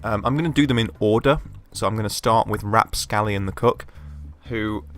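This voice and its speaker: A man's voice: on the low side, moderate pace. A man casually commenting on a video game as he plays, chatty and full of fillers. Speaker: let's play host.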